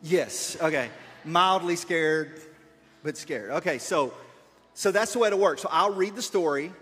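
Man, high voice, playful and encouraging, reads the story and directs the volunteers, big echoey room. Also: measured pace, fairly bright tone, breathy edge, soft background music. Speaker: leader of a children's skit. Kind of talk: reading a story aloud while directing volunteers. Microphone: wearing a body mic.

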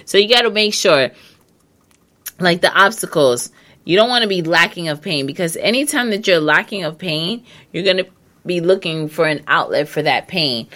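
A woman's voice: lowish voice, a bit bright. A woman hosting a casual advice monologue, blunt and emphatic, swearing and repeating herself, hiccuping. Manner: emphatic, repetitive, blunt with profanity.

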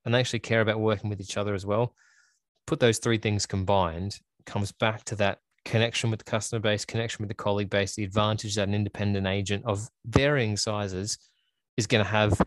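A hoarse man wrapping up a podcast episode, rambling and self-deprecating but earnest. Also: fairly low pitch, no echo. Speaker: podcast host. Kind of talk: solo podcast wrap-up.

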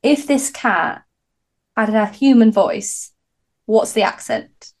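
A woman's voice: on the high side, lively intonation, slow, darkish tone. A British woman co-hosting a podcast, chatty and wry, musing aloud with a laugh. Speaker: podcast co-host. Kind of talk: casual chat.

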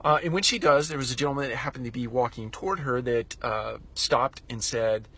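A man's voice: mid-range voice, brisk, pushed and bright, husky. A middle-aged man hosting a solo podcast, telling a story and drawing a reflective lesson from it. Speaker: podcast host.

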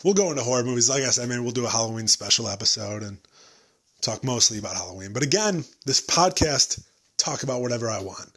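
A man's voice: mid-range voice, lively intonation, fast, fairly bright tone, slightly rough. Rambling young man hosting a solo podcast. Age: 20s. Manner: rambling, self-deprecating, swears casually. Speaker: podcast host. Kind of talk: solo casual podcast chat.

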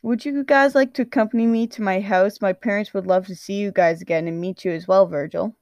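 Woman reading as a pedantic young man, formal, measured, close and dry. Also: medium pitch, fairly even intonation, darkish tone, no room sound, lightly acted. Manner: formal, correcting. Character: prim, pedantic young man who corrects grammar.

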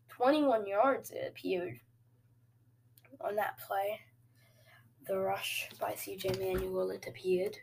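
A woman hosting casual video game commentary, excitable and jokey, with sudden cheers and quiet asides. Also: medium pitch, slow pace, vocal fry, pauses often, slight background noise. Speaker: host.

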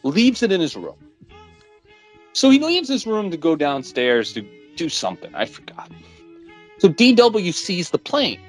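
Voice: mid-range voice, measured pace, pauses often, soft background music. A podcast co-host in casual chat, animatedly retelling a story and swearing bluntly along the way. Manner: animated storytelling, retelling a plot with mock voices.

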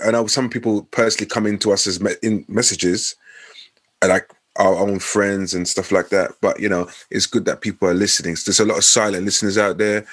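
A man co-hosts a podcast, rambling thoughtfully and searching for his words. His voice is on the low side and the recording is dry and close. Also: fairly bright tone, husky, dry recording. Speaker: podcast co-host. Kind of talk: casual chat.

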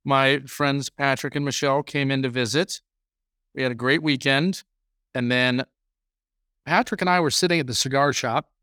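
A man co-hosting a podcast, telling a long story in a rambling, animated way during casual chat. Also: medium pitch, normal speed, dry recording, studio quality. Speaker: podcast co-host.

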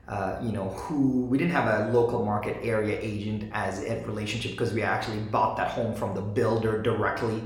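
A man telling a story in a casual monologue as a real estate coach, animated and restarting his sentences. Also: medium pitch, very echoey.

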